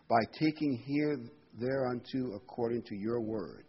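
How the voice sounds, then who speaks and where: A man's voice: medium pitch, measured pace, breathy edge. A man pastor giving a conversational sermon, asking rhetorical questions and adding fillers. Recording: slightly dull recording with faint noise.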